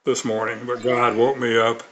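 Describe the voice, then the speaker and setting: A crowd can be heard behind an older Mississippi man, an author and evangelist, as he earnestly tells stories in an interview, full of fillers and restarts. His voice is medium-pitched and level at a normal speed, and the audio sounds dull.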